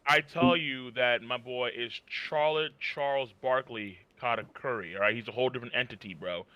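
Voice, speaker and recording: A man's voice: medium pitch, moderate pace, clear, resonant tone, no echo, dull audio. A man co-hosting a podcast, talking animatedly and profanely with lots of filler words. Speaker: podcast co-host. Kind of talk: casual podcast chat.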